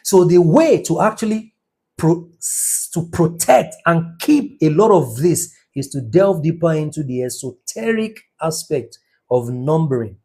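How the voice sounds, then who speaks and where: A man's voice: fairly high pitch, big pitch swings, a little slow, dark tone, slightly rough. A middle-aged man teaching business numerology in an impassioned lecture, stressing words by drawing them out and asking rhetorical questions.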